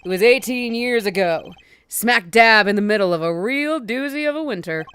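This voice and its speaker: A woman's voice: a little high, lively intonation, normal speed, fairly bright tone, clear, resonant tone. A woman voicing a slick male attorney who tells an old story in hard-boiled, slangy patter. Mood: storytelling.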